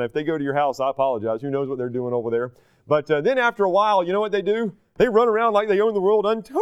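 A man preaching a sermon, moving between emphatic peaks and slow, quiet asides. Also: high-pitched, dry recording, clean studio sound. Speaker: pastor.

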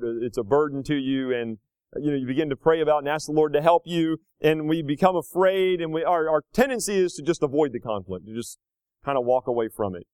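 A man in his thirties preaching a sermon, rising to loud, slow emphatic lines and dropping to quiet, casual asides. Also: clean tone, dry recording. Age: 30s. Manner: swings between loud emphatic peaks and low conversational asides; slows down hard on key phrases.

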